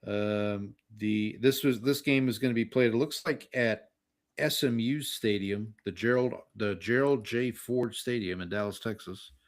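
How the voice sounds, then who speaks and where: A man co-hosting a relaxed sports podcast, running through college bowl games and betting lines. He talks in a wry, joking way and mocks the sponsor names as he goes. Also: on the low side, a little slow. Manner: wry, reads bowl matchups and picks. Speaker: podcast co-host. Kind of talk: casual sports betting chat.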